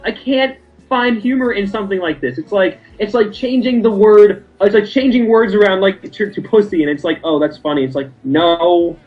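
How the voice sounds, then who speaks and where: A young man with a slightly high voice pours scorn on the jokes and fakes laughter to mock them. His audio sounds dull and lo-fi, with faint music behind him. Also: normal speed, hardly any pauses, far from the mic. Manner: scornful, mimics laughter sarcastically. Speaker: co-host of a ranting video. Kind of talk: mocking ranting commentary.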